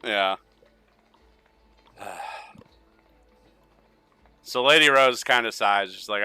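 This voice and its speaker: Bright, clear-voiced male game master. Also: on the low side, very slow, long pauses, no echo, soft background music. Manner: casual, laughs often, fillers like "like". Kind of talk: narrating a tabletop game.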